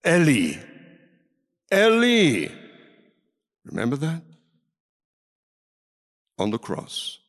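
A man preaching a sermon in a large hall, dramatic, swinging from loud calls down to near whispers. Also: sits low, slightly rough. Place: large hall with a seated audience. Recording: reverberant hall.

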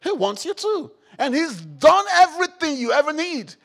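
A man preaching a sermon, repeating phrases, firing questions at the congregation and rising to shouts. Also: very high voice, sing-song, normal speed. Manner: call-and-response, repeats phrases, rises to shouts; rhetorical questions to the audience.

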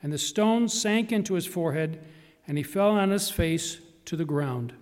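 A man reading scripture aloud in church, in a measured, solemn way. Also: on the high side, animated, darkish tone, big-room sound. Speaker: scripture reader. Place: church sanctuary.

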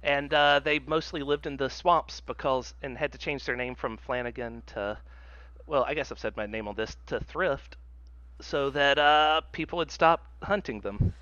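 Male podcast co-host from the US; casual, dry delivery, bright voice through a dull lo-fi mic. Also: medium pitch, normal speed, clean tone, dry recording. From United States. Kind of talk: casual chat.

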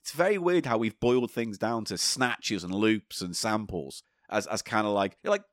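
A man co-hosting a comedy podcast, talking in a goofy, lively way and slipping into silly voices. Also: lowish voice, normal speed, dry recording, studio quality. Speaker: podcast co-host. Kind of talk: casual comedic chat.

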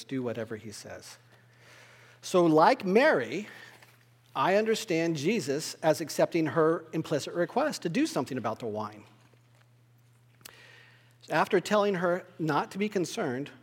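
A man teaching a Bible study lesson, explaining word meanings in a measured, thoughtful way. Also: on the high side, darkish tone, husky, big-room sound.

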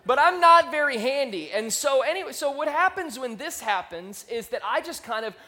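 A man in his thirties preaching a sermon in a casual, storytelling way, with sudden bursts of loudness, on a microphone. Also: extremely high pitch. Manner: conversational, animated storytelling with quick rises in volume. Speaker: pastor. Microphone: handheld microphone.

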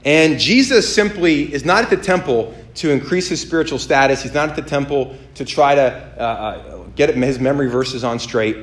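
A man preaching on a podcast, telling stories with lively acted-out voices and many fillers. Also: moderate pace, hardly any pauses, echoey room. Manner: animated storytelling, acts out voices with big pitch jumps. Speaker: pastor. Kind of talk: sermon on a podcast.

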